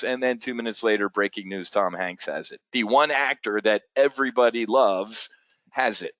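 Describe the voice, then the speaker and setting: A man's voice: on the low side, normal speed, a bit bright, dry recording, highs cut off. A man hosting a trading show, talking in blunt, profane, agitated rants full of restarts. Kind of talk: unscripted market commentary.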